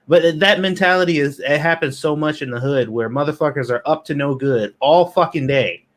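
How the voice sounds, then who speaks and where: A man telling a story in casual podcast chat, animated and exasperated with lots of swearing. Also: a little high, brisk. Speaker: podcast co-host.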